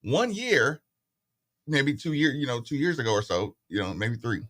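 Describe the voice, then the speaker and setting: A middle-aged man hosts a sports radio show, telling stories into a studio mic in a casual, lively way and doing the voices of the people he quotes. His voice is mid-range at a normal speed.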